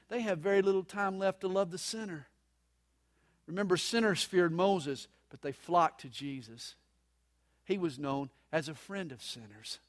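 A man preaching a sermon at a live church service, dramatic, moving between loud emphasis and soft, hushed lines. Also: high-pitched. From United States. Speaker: pastor.

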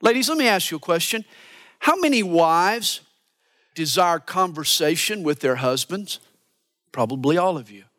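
A man preaching a sermon as a pastor, animated and earnest, dropping to hushed asides for emphasis. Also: on the high side, moderate pace. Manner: animated preaching, mimics voices for quotes.

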